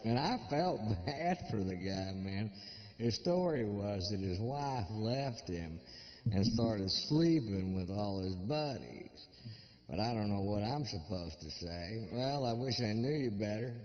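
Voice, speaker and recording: Slow, deadpan low-voiced male comedian. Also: muffled recording. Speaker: stand-up comedian. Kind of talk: stand-up comedy.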